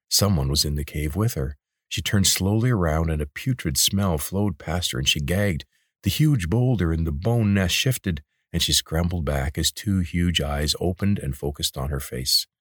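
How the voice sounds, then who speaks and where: A man narrating a fantasy audiobook in a steady, measured storytelling manner. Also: very deep voice, husky, no room sound, clean studio sound.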